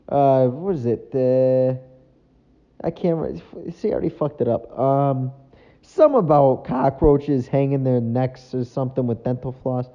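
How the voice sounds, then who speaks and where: A man talks through a solo podcast from his apartment, rambling from one story to the next and poking fun at himself. His voice sits at an ordinary middle pitch. The recording is a bit muffled and lo-fi. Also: measured pace. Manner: rambling, self-mocking, loses his train of thought. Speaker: podcast host. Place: apartment room at home.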